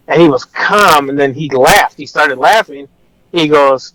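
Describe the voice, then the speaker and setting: A man's voice: on the high side, a little slow, bright, forceful tone, no room sound, rough recording. A man, an officer, telling a personal story in a casual, rambling way, blunt and swearing at times. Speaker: officer guest.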